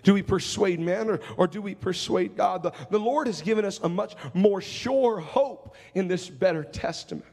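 A man's voice: high-pitched, moderate pace, few pauses, darkish tone, long reverb tail. A man preaching a sermon in a church, asking searching, pleading questions and repeating his first words as he moves into an altar-call prayer. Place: church sanctuary with congregation.

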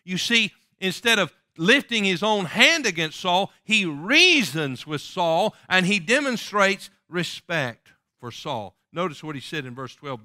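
A male pastor preaching a sermon emphatically and reading scripture in a slow, solemn way. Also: sits high, sing-song, bright, forceful tone, no room sound, studio quality.

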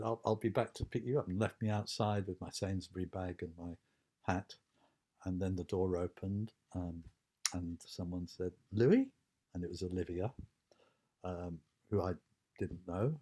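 A man's voice: low-pitched, warm tone. Rambling man telling a story. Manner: rambling, hesitant, with many fillers and restarts. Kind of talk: anecdotal storytelling.

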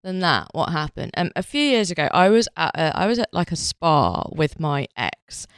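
A woman's voice: low-pitched, sing-song, moderate pace, smooth. A woman hosting a podcast, telling a rambling, self-mocking story full of filler words. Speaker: podcast host.

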